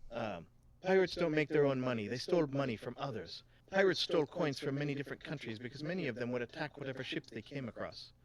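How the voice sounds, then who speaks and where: A man's voice: on the high side, lively intonation, fairly quick, crowd noise, voice pushed up, close to an everyday voice. Man putting on a chatty shopkeeper lady. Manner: shaky put-on foreign accent. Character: kindly female coin shop owner, chatty. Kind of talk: voicing a game character.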